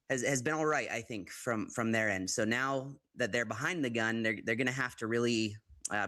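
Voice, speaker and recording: Low-voiced hesitant American football pundit. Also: male voice, sharp tone, no echo. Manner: hesitant, many fillers and restarts. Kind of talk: live football commentary chat.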